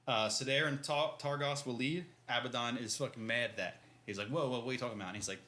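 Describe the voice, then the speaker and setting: A man's voice: medium pitch, fairly even intonation, quick pace, pushed and bright. A man co-hosting a podcast, recapping a book chapter in a laid-back, slangy way and acting out the characters' lines. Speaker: podcast co-host. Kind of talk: casual book-discussion chat.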